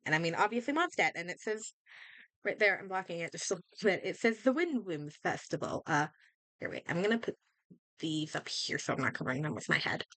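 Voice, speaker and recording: A young woman talks through a reaction video in an excitable, rambling way, full of fillers and restarts. Her voice is bright and crisp. The sound is dry and close on a desk mic. She is a little under the weather. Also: on the low side, a little fast, no room sound. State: slightly sick. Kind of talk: casual reaction commentary. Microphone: desk microphone.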